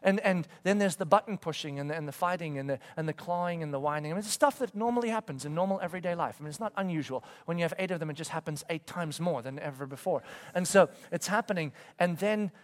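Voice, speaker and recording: A man in his forties preaching a sermon, telling a story with stammered restarts and swinging from loud to hushed. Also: fairly high pitch, quick pace, hardly any pauses. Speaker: pastor.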